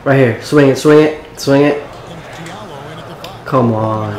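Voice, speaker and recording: A man giving casual, excitable gameplay commentary, cursing and talking back to the game and his coach. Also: medium pitch, takes it slowly, reverberant, noisy background. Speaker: gaming YouTuber.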